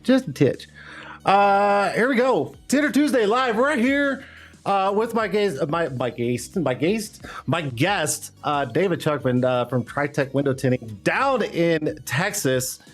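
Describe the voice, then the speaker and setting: Over faint background music, a man hosts a casual live stream, rambling loosely and hyping up his chat with plenty of "uh"s and laughter. His voice is fairly high and animated, and he speaks a little slowly.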